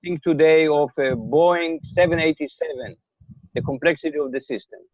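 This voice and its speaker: A man's voice: on the high side, normal speed, a little mellow. An older man giving thoughtful interview answers, often repeating words and checking in with "okay?" and "right?". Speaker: interviewee, computer scientist. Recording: dull, dry remote call audio.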